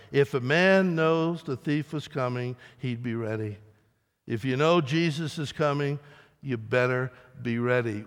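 A man preaching a sermon as pastor, emphatic, with dramatic rises and soft drops. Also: mid-range voice. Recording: long reverb of a large hall.

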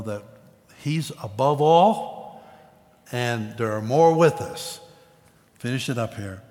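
Male pastor, mid-pitched, preaching and reading scripture, long hall reverb. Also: darkish tone. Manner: reads scripture aloud, then explains it conversationally with asides. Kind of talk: sermon. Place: church sanctuary.

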